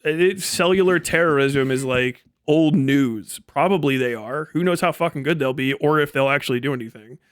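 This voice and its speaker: A man's voice: a little high, normal speed, hardly any pauses, clean tone, dry recording, studio quality. A man streaming live, ranting sarcastically and swearing constantly. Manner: sarcastic and mocking. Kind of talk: profane livestream rant.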